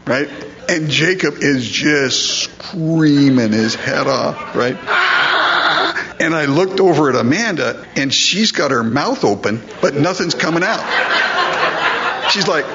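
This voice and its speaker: A man's voice: mid-range voice, a little slow. A middle-aged man preaching a sermon in a conversational, storytelling way, acting out quotes along the way. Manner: conversational, anecdotal, animated when acting out quotes. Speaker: pastor. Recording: slightly dull, faint hum.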